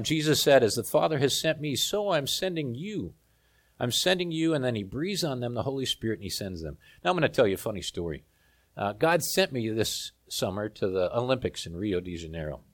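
A man from South Africa preaching a sermon, telling a lively story with humor. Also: mid-range voice.

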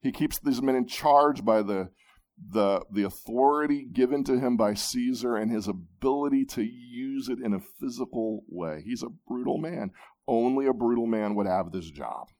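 A man preaching a sermon, emphatic, with dramatic pauses, at times dropping to a near-whisper. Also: mid-range voice, darkish tone. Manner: repeats words when restarting. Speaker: pastor.

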